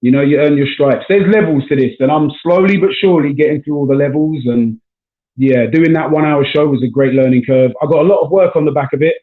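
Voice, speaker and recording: A stand-up comedian guest from South London, England, speaks quickly in a slightly high male voice during a casual video call. He's relaxed and chatty, often saying "man" and "bro." The call audio is thin, tinny, and echoey.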